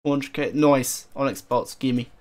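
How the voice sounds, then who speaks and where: A young man giving casual commentary over his own gameplay, excitable and chatty, often gasping and laughing as he talks to viewers. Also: medium pitch, a little slow. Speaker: gaming video creator. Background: faint background music.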